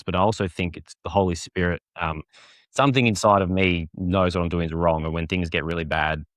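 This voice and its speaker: A man's voice: low voice, fairly bright tone, no room sound, studio quality. A young man, a podcast guest telling a personal story in a rambling way with many fillers. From Australia. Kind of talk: personal testimony in casual conversation.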